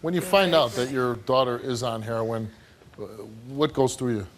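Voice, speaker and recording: A man's voice: mid-range voice, normal speed, slight background noise. A man hosting a talk show, asking direct, probing questions.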